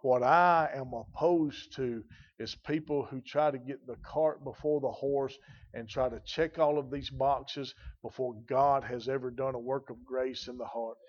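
A man's voice: medium pitch, steady tone, measured pace, highs cut off. A man preaching a sermon in a folksy, emphatic way, his intensity rising and falling. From rural.

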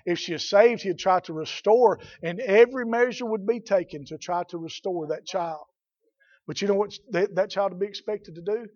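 A middle-aged man preaching a fiery sermon as a pastor, rising to shouts at his peaks. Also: high-pitched, normal speed. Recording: dull lo-fi recording.

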